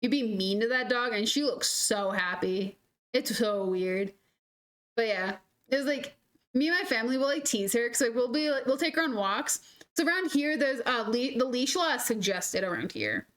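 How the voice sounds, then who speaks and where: A woman's voice: on the high side, moderate pace. Chatty young woman gaming streamer. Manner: rambling, animated storytelling full of "like". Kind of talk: casual chat while gaming.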